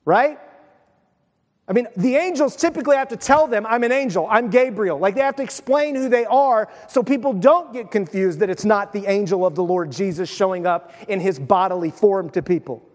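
Male pastor, high voice, animated storyteller, long hall reverb. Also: normal speed. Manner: animated storytelling, acts out voices, drops to a soft hush. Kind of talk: sermon.

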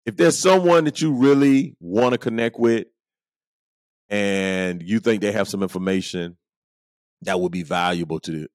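Lively man telling stories, low voice. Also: unhurried, no room sound. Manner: animated, acts out quoted friends, chuckles often. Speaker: podcast host. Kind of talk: casual storytelling monologue.

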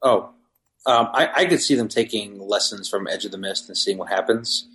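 A man with a somewhat low voice co-hosts a relaxed podcast. He tells stories in a meandering way, hesitating often and apologizing as he goes. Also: moderate pace, poor audio. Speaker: podcast co-host. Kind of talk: casual chat.

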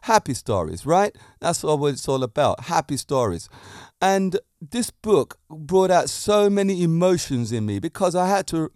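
Animated man podcasting. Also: on the high side, normal speed, no room sound, studio quality. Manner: animated, laughs loudly at own jokes. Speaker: podcast host. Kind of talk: casual podcast monologue.

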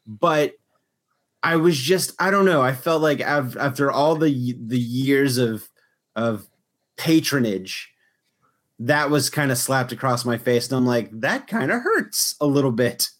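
A man's voice: medium pitch, a little slow. A young man chatting casually as a podcast host, telling a long story with lots of restarts and filler words. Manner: rambling storytelling with frequent restarts. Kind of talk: casual chat.

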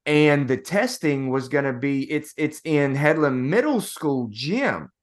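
Slow-talking man telling a story. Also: a little high, animated. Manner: storytelling, addresses co-host as bro. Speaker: podcast co-host. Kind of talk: casual motivational chat.

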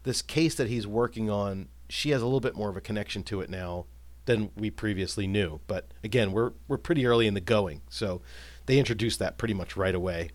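A man's voice: fairly low pitch, fairly quick, no room sound. A man co-hosting a casual film discussion, recapping scenes and musing aloud, livening up when he quotes lines. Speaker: podcast co-host.

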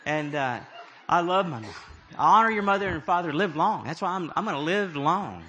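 A middle-aged man with a high, ringing voice preaches in a loose storytelling way. He jokes at his own expense and keeps the mood light as he moves from one tale to the next. A faint hiss sits under his voice. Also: normal speed, highs cut off. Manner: jokey, animated, self-deprecating asides. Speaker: prophetic speaker. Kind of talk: humorous sermon storytelling.

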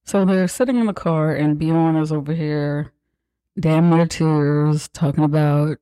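A podcast host giving a casual, profane, joking recap of a movie, acting out characters' lines in quick asides. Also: medium pitch, steady tone, mellow, smooth, no echo.

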